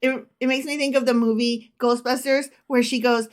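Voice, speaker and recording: A woman's voice: on the high side, flat delivery, moderate pace. A woman co-hosting a casual podcast, quizzing her husband with teasing, profane banter and reading verses aloud. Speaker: podcast co-host.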